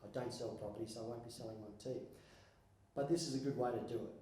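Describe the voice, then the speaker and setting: A man, a financial adviser giving a seminar presentation and talking conversationally with the audience, with wry asides and quick questions to the room. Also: medium pitch, steady tone, warm tone, roomy sound, rough recording. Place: conference hall.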